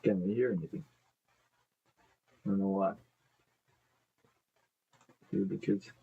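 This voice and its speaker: A man's voice: deep voice, fairly even intonation, a little slow, creaky, husky, narrow, tinny audio. Man stumbling through a live-stream news read. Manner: stumbling over names, thinking aloud, joking asides. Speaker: host. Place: indoor room with live beehives.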